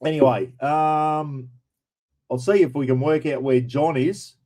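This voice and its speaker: A man's voice: fairly high pitch, steady tone, unhurried, warm tone, low-quality recording. An Australian man hosting a livestream in casual chat, blunt and chatty, with mild swearing as he greets viewers by name. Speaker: livestream host.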